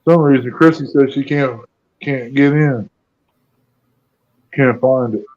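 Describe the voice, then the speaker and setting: A man talking casually in an unhurried, folksy way, sounding muffled and off-mic. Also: mid-range voice, darkish tone. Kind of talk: casual chat.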